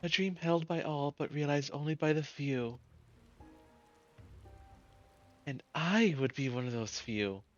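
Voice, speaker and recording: A man's voice: a little high, moderate pace, no room sound, muffled recording, soft background music, voice pushed up, close to an everyday voice. A man voicing a vain, pompous hero who wants to become ruler, reading game dialogue aloud in a grandiose, self-important way. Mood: scheming. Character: pompous vain male would-be ruler, hero-turned-tyrant.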